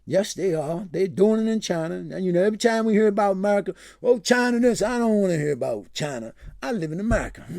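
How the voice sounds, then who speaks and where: A man's voice: sits high, creaky, a little mellow, dry recording, clean studio sound. A man hosting his own show, giving a rambling and impassioned solo commentary. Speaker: show host.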